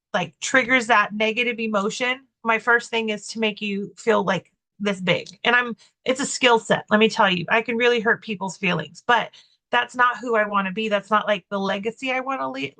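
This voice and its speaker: Telling a personal story on a podcast she co-hosts, a woman rambles casually, full of fillers and false starts, candid and poking fun at herself. Her voice is on the high side with a sharp tone.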